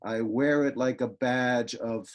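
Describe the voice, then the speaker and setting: Slow, dry-witted male poet reading. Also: mid-range voice, steady tone. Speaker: poet reading his work. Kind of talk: poetry reading over video call. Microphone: video call.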